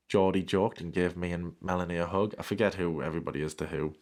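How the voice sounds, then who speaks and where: Low-voiced guy reading a story out loud, keeps cutting in with dry sarcastic jokes. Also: steady tone, fast talker. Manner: dry sarcastic interruptions, mock outrage. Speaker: commentary host reading a fan story. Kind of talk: comedic reading with sarcastic asides.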